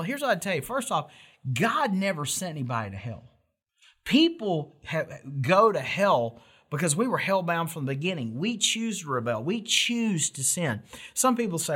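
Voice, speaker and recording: A man's voice: a little high, very animated, moderate pace, a bit bright, husky. A middle-aged man preaching a sermon in an earnest, emphatic way, with rhetorical questions and frequent restarts. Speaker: pastor.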